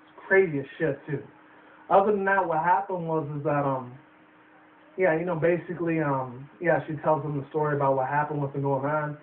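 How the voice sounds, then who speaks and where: A man's voice: a little high, fairly even intonation, fairly quick, recorded from a distance. A young man reviewing a movie in a rambling casual way, swearing often and using lots of fillers. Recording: tinny phone-like roomy sound from afar.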